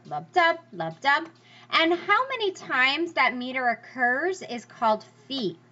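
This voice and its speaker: A woman's voice: a little high, pushed and bright. A woman teaching a lesson on poetry in a chatty, encouraging way. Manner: encouraging, chatty, reassures listeners. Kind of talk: recorded lecture on poetry. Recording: dull lo-fi recording.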